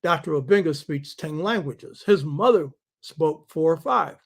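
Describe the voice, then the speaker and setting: A man's voice: fairly high pitch, animated, unhurried, creaky. A man hosting a show, giving an emphatic lecturing monologue and throwing rhetorical questions at his listeners. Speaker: host.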